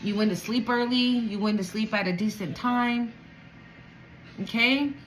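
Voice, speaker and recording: A woman giving a channeled spiritual reading to viewers, emotional and animated, swearing casually. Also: on the high side, a little slow, a little hiss or hum, poor audio. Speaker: spiritual reader.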